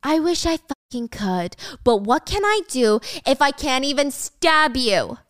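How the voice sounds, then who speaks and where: A woman's voice: high-pitched, sing-song, unhurried, fairly bright tone, no echo, clean studio sound, exaggerated voice. A woman voicing a menacing teen boy who holds a hostage, snarling and taunting with a lot of swearing.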